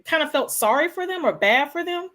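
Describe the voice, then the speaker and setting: A middle-aged woman in a casual conversation, speaking calmly and earnestly about her life, with frequent restarts. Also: sits high, a little fast. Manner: reflective, calm and earnest, with many restarts.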